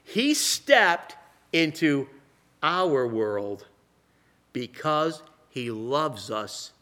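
Slow, lively preacher with a high voice. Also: male voice. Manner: slow, dramatic delivery, drops to a hush for emphasis. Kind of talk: sermon with illustrative stories.

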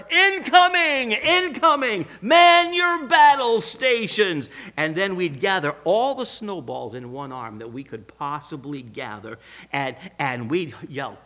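Older guy preaching, tells stories, slow and emphatic, voice sits a bit high. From Pacific Northwest US. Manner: storytelling, emphatic and animated. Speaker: pastor. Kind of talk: sermon.

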